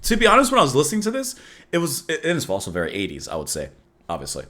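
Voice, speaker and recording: A man's voice: medium pitch, huge pitch swings, very fast, pushed and bright. A man hosting a music reaction, talking casually in a rambling, musing way and chuckling at himself.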